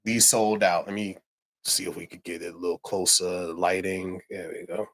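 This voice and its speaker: A man's voice: low voice, flat delivery, moderate pace, a bit bright. A man co-hosting a casual livestream chat, laid-back and slangy, often repeating words as he restarts. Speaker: yarn company co-host.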